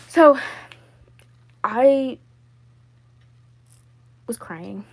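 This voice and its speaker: A woman's voice: mid-range voice, measured pace, rough recording. A woman in her twenties chatting casually on a livestream, rambling and repeating herself. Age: 20s. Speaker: vlogger.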